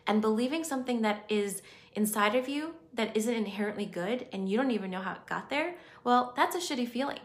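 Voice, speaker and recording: Earnest woman in an echoey room. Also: mid-range voice. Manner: earnest, reassuring, conversational. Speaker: spiritual self-help speaker. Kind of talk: spiritual self-help talk.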